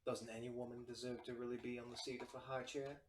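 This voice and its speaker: A man voicing a seductive female tiefling crime boss in a sultry, slow, purring manner, recorded from a distance in a roomy space. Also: mid-range voice, little pitch movement, natural voice.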